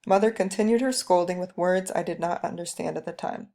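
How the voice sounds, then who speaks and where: Gravelly-voiced woman reading a story. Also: lowish voice, a little fast. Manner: calm, steady first-person narration. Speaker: reader.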